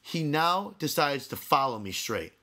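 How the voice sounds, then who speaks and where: A man's voice: fairly high pitch, sing-song, measured pace, pushed and bright. A man co-hosting a podcast, telling a story in casual chat, fired up and repeating himself as he goes. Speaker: podcast co-host.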